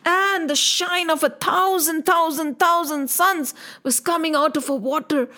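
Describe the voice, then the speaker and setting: A woman narrates a myth in a high voice, slowly and deliberately. She is animated and emotive, often breaking into exclamations. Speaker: storyteller. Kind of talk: expressive mythological storytelling.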